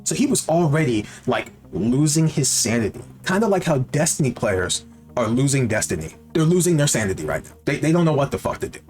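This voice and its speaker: A man giving casual gaming commentary, animated and profane, often repeating rhetorical questions. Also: mid-range voice, brisk, soft background music. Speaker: gaming YouTuber.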